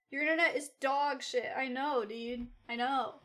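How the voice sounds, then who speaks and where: A woman's voice: high voice, steady tone, normal speed, fairly bright tone. A young adult woman livestreaming, telling a personal story to her chat in a rambling, casual way, with lots of "like" and swearing. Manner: rambling, loose and swearing, full of "like".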